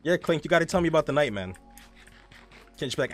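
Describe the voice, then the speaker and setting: Young male streamer, higher voice with a lively swinging pitch; rambling, profane chat over faint background music. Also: fast. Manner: rambling, animated, swears often, reads chat aloud. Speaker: live streamer. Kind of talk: casual live-stream chat while gaming.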